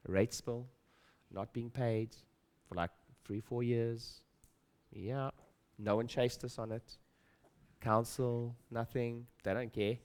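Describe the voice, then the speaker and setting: A man's voice: medium pitch, fairly even intonation, slow pace, a little mellow, clean tone. A middle-aged man speaking on stage at a seminar, emphatic and repetitive, acting out his own doubting inner voice and putting questions to the audience. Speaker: speaker at a practice-building seminar. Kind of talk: motivational stage talk.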